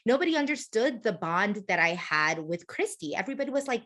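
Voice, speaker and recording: Animated woman telling stories in an interview. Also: mid-range voice, a little fast, few pauses. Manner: animated storyteller, acts out quoted voices, uses swear words. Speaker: interview guest, former reality show contestant. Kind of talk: casual interview chat.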